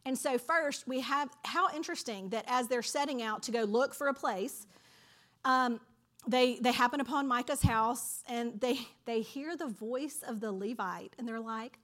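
A woman teaching from a Bible passage in a lively, conversational storytelling manner. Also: on the high side, measured pace.

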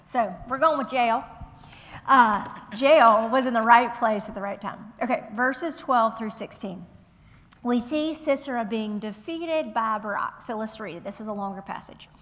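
A woman's voice: on the high side, measured pace, a bit bright, in a large hall. A woman with a Southern US accent teaching a Bible study, earnest and conversational, reading scripture aloud.

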